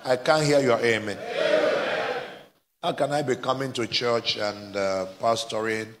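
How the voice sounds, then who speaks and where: Speaking in a medium pitch with fairly even intonation, this Nigerian male pastor delivers a live church sermon without rushing, and a faint hiss or hum sits under his voice. His exhortations build to fervent shouts as he draws replies from the congregation gathered at the service.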